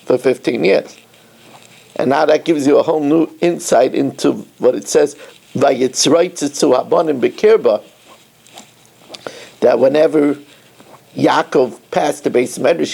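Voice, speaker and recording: A rabbi delivers a lively Torah lecture, his voice rough and gravelly with fry. He sits a little high for a man, sings bits of a holiday song and asks pointed questions with rising emphasis.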